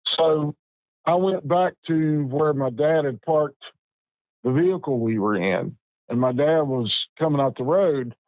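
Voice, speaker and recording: A man, telling a personal story in a plainspoken, folksy way with halting pauses. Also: a little high, lively intonation, darkish tone, dry recording, poor audio. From West Virginia. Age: 50s. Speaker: Bigfoot researcher guest.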